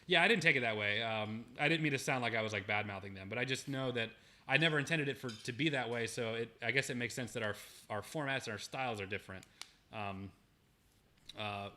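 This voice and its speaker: A man's voice: mid-range voice, a little fast, sharp tone. A young man hosting a casual livestream, gratefully reading viewer messages aloud with frequent restarts. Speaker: livestream host.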